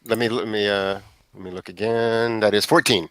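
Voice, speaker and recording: A man's voice: on the low side, steady tone, normal speed, a bit bright, dry recording. A man playing a tabletop game who talks through his moves playfully and acts out sound effects. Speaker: player.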